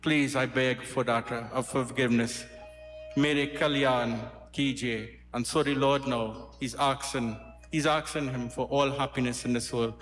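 A man's voice: medium pitch, fairly even intonation, moderate pace, a bit bright. A man giving a devotional sermon as a religious storyteller, speaking emphatically, repeating phrases and addressing the congregation directly. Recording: echoey hall with faint music.

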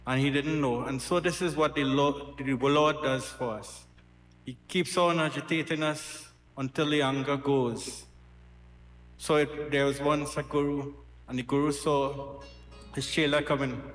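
A man's voice: mid-range voice, fairly even intonation, a little slow, a bit bright. A man giving a devotional sermon at a gathering. He tells stories in an earnest, repetitive way. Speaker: satsang speaker. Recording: roomy hall, faint music.

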